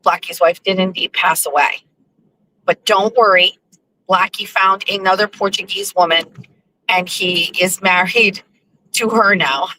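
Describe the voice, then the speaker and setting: A woman hosting her show, telling stories in a chatty, animated way. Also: mid-range voice, unhurried, slight background noise, low-quality recording. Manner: chatty, animated, with lively acted-out quotes. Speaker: host. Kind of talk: casual storytelling monologue.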